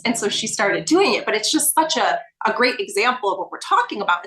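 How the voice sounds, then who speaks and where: A woman's voice: a little high, sing-song, fast talker, few pauses, sharp tone. A woman coach speaking as a podcast guest, explaining emphatically in casual talk and tagging points with "right?". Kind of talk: casual conversation.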